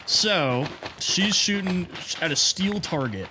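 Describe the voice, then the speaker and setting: A man's voice: high voice, expressive, slow, background noise. Chatty streamer man telling a story. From United States. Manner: chatty, rambling, greets viewers mid-story. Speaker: livestreamer. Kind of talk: casual storytelling to chat. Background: music.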